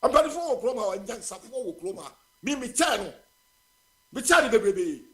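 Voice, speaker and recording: A man's voice: extremely high pitch, big pitch swings, fast, pushed and bright. A man in his seventies with a Ghanaian accent, calling in to a radio show and emphatically condemning the politicians, switching between Twi and English. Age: 70s. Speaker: caller. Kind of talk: heated political call-in.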